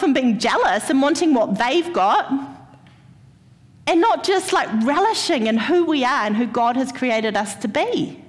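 A woman's voice: high voice, expressive, measured pace. Woman preaching in an echoing hall. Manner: personal storytelling, addresses the congregation directly. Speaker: church speaker. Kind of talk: sermon. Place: church hall.

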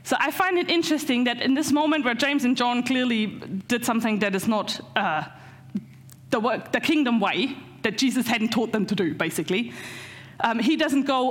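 A woman's voice: a little high, moderate pace. Chatty woman preacher, many fillers. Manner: conversational, hesitant with many fillers. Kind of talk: informal sermon.

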